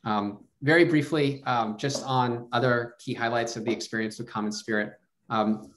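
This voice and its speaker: A man's voice: medium pitch, moderate pace. Man presenting a webinar. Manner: relaxed, with many fillers.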